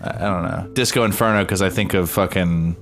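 Chill young guy from jersey, kinda low voice, cussing on a podcast. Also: fairly even intonation, over loud music. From New Jersey. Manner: laid-back, swears freely, drawn-out phrases. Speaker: podcast co-host. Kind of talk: casual chat.

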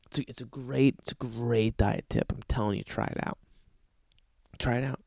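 Man, podcast host, gravelly voice, dry close sound, profane, rambling storyteller. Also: medium pitch, fairly even intonation, moderate pace, darkish tone, no room sound. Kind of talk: casual comedic storytelling monologue.

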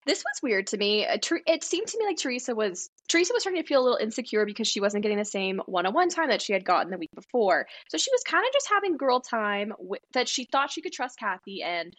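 A woman co-hosting a podcast, chatting casually, animated and opinionated, often laughing. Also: on the high side, fast talker, hardly any pauses. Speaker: podcast co-host. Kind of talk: casual recap chat.

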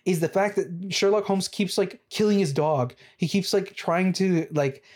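A casual movie review vlogger talks in a rambling way, full of restarts and fillers like "like" and "dude". The voice sits in a middle pitch range. Now and then it jumps up into excited, animated bursts. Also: a little slow.

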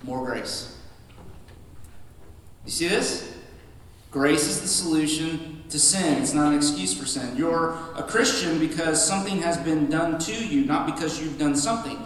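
Male pastor, sermon delivery, emphatic and conversational, a bit high-pitched, picked up from a distance in a reverberant sanctuary. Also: a little slow, a little hiss or hum. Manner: emphatic, conversational preaching with repeated restarts. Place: church sanctuary. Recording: echoey hall from a distant mic.

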